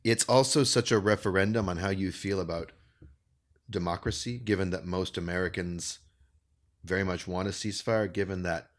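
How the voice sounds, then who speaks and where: A man co-hosting a political podcast in a fairly low voice. He speaks passionately and articulately, repeating words as he builds momentum. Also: fairly even intonation, normal speed. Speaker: podcast co-host. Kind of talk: casual political podcast chat.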